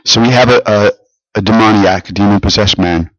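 A male pastor preaching in an earnest, explanatory way, pausing often and restarting phrases. His voice sounds a little dull and muffled, with a dry, close sound and no room echo. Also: on the low side, fairly bright tone. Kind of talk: sermon.

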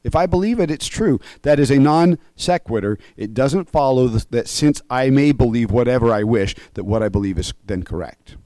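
A man delivering a sermon-style teaching, reasoning step by step with emphasis and often pausing to check in with his listeners. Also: mid-range voice, animated, dark tone, no room sound. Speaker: preacher.

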